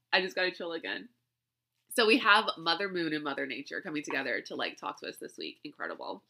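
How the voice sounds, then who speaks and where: A woman's voice: lowish voice, sharp tone. A woman hosting a podcast, talking in a chatty, rambling way and laughing often. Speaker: podcast host. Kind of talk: casual podcast monologue.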